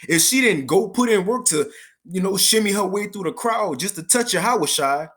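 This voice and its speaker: A man preaching a casual sermon. He reads scripture slowly and keeps checking in with his listeners. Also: fairly high pitch, a bit bright. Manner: conversational, says "man" and "you see" often, reads verses slowly.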